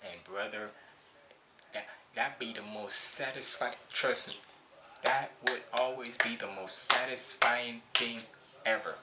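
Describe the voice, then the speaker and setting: A man's voice: medium pitch, unhurried, noisy background. A man hosting a music reaction video, talking casually and preachily, repeating his points for emphasis. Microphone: cheap basic mic.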